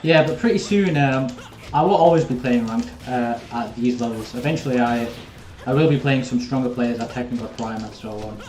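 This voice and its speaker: A man's voice: mid-range voice, normal speed, darkish tone, faint music behind. A young man, chatting casually with viewers while commenting on his own live gameplay. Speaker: streamer. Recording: roomy echo.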